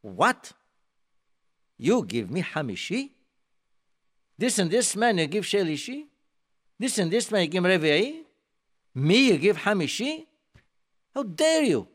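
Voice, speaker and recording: A furious, indignant worshipper screams, his voice shooting high and loud, as a preacher acts him out. He sounds proud and wounded, hurling demands at the attendant. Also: very animated, takes it slowly, pauses often, heavily acted. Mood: outraged. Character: proud pious man, furious at slight.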